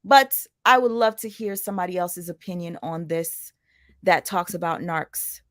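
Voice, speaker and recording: A woman's voice: on the low side, normal speed, fairly bright tone, no room sound, clean studio sound. A woman chatting casually to her livestream viewers, rambling through asides and greetings to viewers by name. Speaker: livestream commentator.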